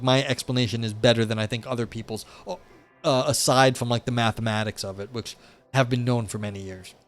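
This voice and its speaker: Male streamer, rambling and chatty, mid-range voice, faint music behind; casual commentary on a reading. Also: mid-range voice. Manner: rambling, chatty, many fillers, laughs at own asides. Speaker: streamer reading and discussing a philosophy paper.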